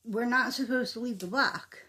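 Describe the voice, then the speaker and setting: A woman's voice: on the high side, moderate pace, sharp tone. A middle-aged woman tells a personal story in a casual, conversational way, repeating words for emphasis.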